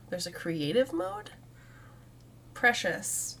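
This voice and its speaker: Slow and lively, a young woman's mid-range, somewhat bright voice carries casual let's-play chatter over a cozy game. She talks to the plants and giggles a lot, with a little hiss or hum in the background.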